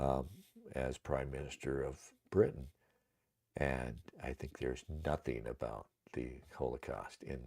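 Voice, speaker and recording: A man's voice: extremely low pitch, vocal fry, dark tone, breathy edge. A man hosting a livestream, talking in a rambling, casual way, with many fillers and much cursing. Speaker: livestream host.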